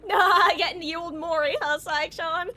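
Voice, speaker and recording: A woman's voice: extremely high pitch, unhurried, pushed and bright. A woman streaming a game live, chatting casually to viewers in a rambling way, laughing often and correcting herself. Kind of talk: casual live-stream chat while gaming.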